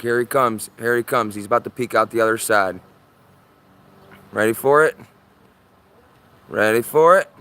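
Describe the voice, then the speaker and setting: A man streaming live outdoors from his yard on a phone camera. He comments on the sky in an urgent, excitable way and keeps repeating himself. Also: mid-range voice. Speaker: livestreamer.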